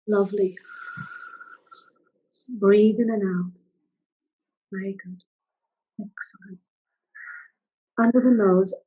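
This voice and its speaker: Speaking slowly and pausing often, this woman coaches a guided tapping session by video call, her soothing tone generous with praise as she offers calm, step-by-step instructions. Her pitch is medium with a slight roughness, and the recording quality is low.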